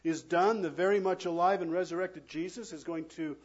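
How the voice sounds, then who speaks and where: A male pastor with a slightly husky, somewhat high voice delivers a sermon. He leans hard into some words and then drops almost to a whisper on others. The recording sounds a little muffled and lo-fi. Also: fairly even intonation, brisk. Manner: preaching with dramatic swings from loud emphasis to hushed near-whispers.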